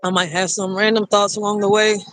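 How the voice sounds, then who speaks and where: A woman's voice: mid-range voice, level tone, a little fast, fairly bright tone, no echo, poor audio. Chatty woman livestreaming outdoors. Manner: loose, chatty and profane, addressing viewers directly. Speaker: single mother livestreaming to viewers. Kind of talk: casual livestream chat while walking. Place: outdoors on a cold city street. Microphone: phone livestream.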